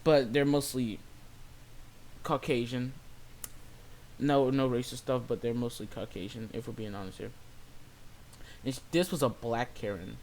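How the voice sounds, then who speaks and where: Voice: medium pitch, a little slow, long pauses, slight background noise. A young adult retail worker telling a story in a casual, exasperated rant full of swearing. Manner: profane, exasperated, lively.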